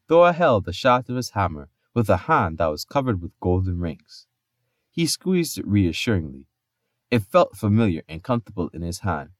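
Male podcast storyteller, lively delivery, deep, dry sound. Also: normal speed, dry recording. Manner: expressive storytelling with playful asides. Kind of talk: narrating myths.

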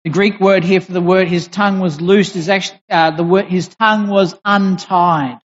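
A preacher giving a sermon in a deliberate, emphatic way, pausing and restarting as they explain. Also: mid-range voice, fairly even intonation. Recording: dull recording in a reverberant hall.

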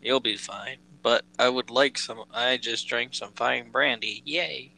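A man's voice: medium pitch, fairly even intonation, a little slow, creaky, sharp tone, a little hiss or hum. A young American man from Delaware co-hosting a casual podcast while gaming, swearing and joking with a laugh never far off. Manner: profane, joking, laughs often. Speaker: podcast co-host.

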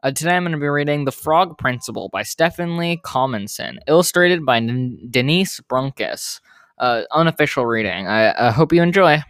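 A man reads a children's picture book aloud for his podcast, relaxed and informal, now and then correcting himself. His voice sits in a middle register. The sound is dry and close to the mic. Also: medium pitch, moderate pace, dry recording. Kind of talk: storybook read-aloud narration.

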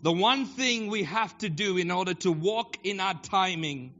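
A man preaching a passionate sermon in church. He repeats phrases and builds to shouted and half-sung declarations. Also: sits high, measured pace. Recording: dull lo-fi recording with keyboard music. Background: live keyboard playing.

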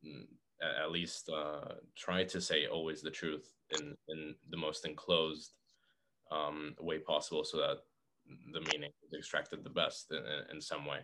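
Man with an extremely deep voice. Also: level tone, unhurried, pushed and bright, slight background noise. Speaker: podcast guest. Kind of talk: casual philosophical discussion.

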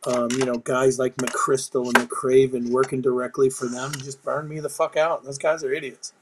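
A man's voice: mid-range voice, little pitch movement, moderate pace, slight background noise. A middle-aged man, a retired sergeant major, speaking as a podcast guest in a blunt, profane, storytelling way. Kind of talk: casual interview chat.

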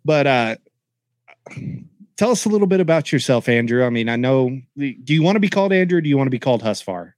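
A man's voice: mid-range voice, big pitch swings, fast talker, a little mellow, dry recording. Joking male podcast host, dry mic. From Oklahoma. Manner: joking, chatty. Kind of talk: casual chat.

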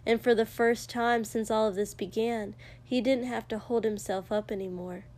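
A woman narrating a fiction story aloud in a measured, expressive way. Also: on the high side. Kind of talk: audiobook fiction reading.

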